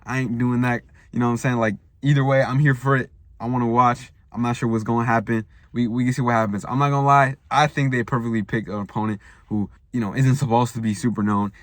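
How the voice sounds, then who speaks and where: A man's voice: medium pitch, fairly even intonation, quick pace, few pauses, dry recording, studio quality. A young man hosting a casual boxing news vlog from a parked car, rambling in slang with frequent restarts. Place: parked car in a school parking lot.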